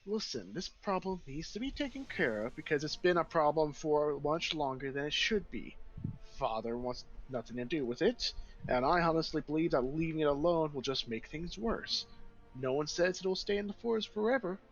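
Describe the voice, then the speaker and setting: A man's voice: on the high side, animated, moderate pace, highs cut off, soft background music. A man doing a stern commanding princess. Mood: firm. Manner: firm and formal.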